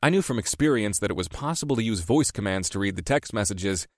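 Man, audiobook narrator, fairly low voice, wry easygoing telling, dry close sound. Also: lively intonation, quick pace, no room sound. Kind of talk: first-person audiobook narration.

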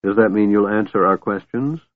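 A man voicing an angry, impatient half-elf warrior who fires off sharp demands, in a storybook reading. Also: lowish voice, moderate pace, phone-quality sound, lightly acted. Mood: tense.

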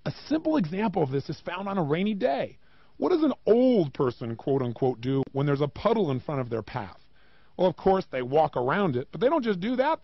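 A man giving a motivational talk, emphatic and animated, with many rhetorical questions and a gravelly voice. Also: high-pitched, dry recording, lo-fi sound. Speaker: motivational speaker.

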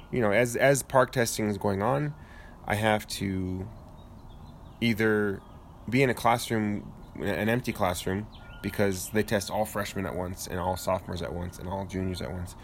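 A man's voice: low voice, slight background noise. A man co-hosting a podcast in casual chat, laid-back and dry, rambling with fillers while sitting on a porch swing outdoors. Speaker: podcast co-host.

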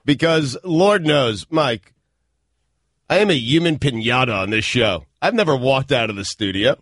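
A man's voice: mid-range voice, lively intonation, moderate pace, a bit bright, no room sound. A man co-hosting a sports radio show in a studio, throwing sarcastic jabs while fighting a chest cold. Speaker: co-host.

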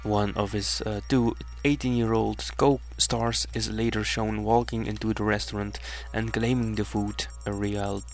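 Low-voiced man reading news haltingly. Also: little pitch movement. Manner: halting, frequent "uh" fillers and restarts. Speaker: radio DJ. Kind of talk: reading a news item between songs. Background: faint music.

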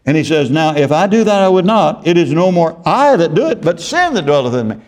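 Male pastor, fairly high voice, expository sermon, reads verses emphatically, conversational asides. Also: very animated, brisk. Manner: expository preaching, reads scripture aloud with emphasis; frequent tag questions and self-corrections.

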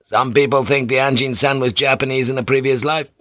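A male reader voicing a poised, courteous samurai noblewoman who speaks softly and formally. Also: mid-range voice, steady tone, brisk, dry recording, pitched above the performer's own voice, lightly acted. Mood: polite. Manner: soft, formal and deferential.

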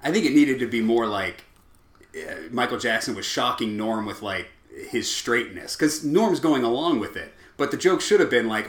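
A man's voice: mid-range voice, expressive, moderate pace, a bit bright. A man co-hosting a podcast, chatting casually and sardonically while reviewing a sketch. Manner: sardonic, swearing freely. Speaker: podcast co-host. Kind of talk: casual comedy review chat. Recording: roomy echo.

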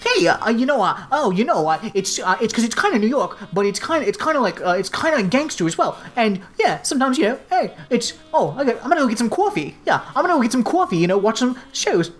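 A woman's voice: on the high side, big pitch swings, fast, hardly any pauses, faint music behind, voice pushed up. A woman voicing a teenage boy school reporter who talks in a rambling, filler-laden fake American gangster drawl.

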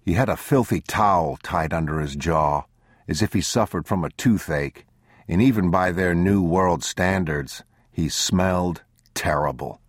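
A man reading a novel aloud as audiobook narrator in a measured, sombre, deliberate manner, recorded on a close mic. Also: low voice, no echo. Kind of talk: scripted literary narration.

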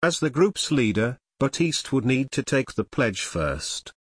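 A man reading nonfiction narration in a measured, matter-of-fact way. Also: medium pitch, very animated, slightly rough, no echo, studio quality.

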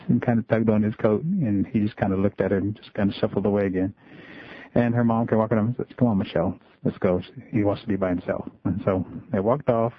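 A man who works as a school and community storyteller, telling a story in a relaxed, folksy way. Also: fairly low pitch, breathy edge, no echo. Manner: relaxed folksy storytelling, many "just kinda". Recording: tinny phone-like radio line.

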